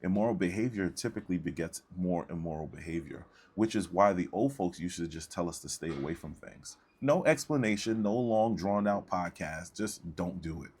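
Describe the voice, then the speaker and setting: A man with a very low, husky voice holds forth in a lecturing tone. He comments casually on a debate and keeps checking in with the listener between points. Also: normal speed, hardly any pauses, a little mellow. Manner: lecturing, preachy, repeats "right?". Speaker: commentator reacting to a debate clip.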